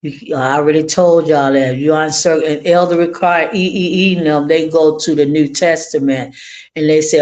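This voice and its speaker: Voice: medium pitch, fairly even intonation, normal speed, a little mellow. An online Torah class teacher talking informally to viewers, exclaiming joyfully and repeating phrases for emphasis. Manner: informal colloquial speech. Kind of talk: livestream teaching and reacting to viewer comments.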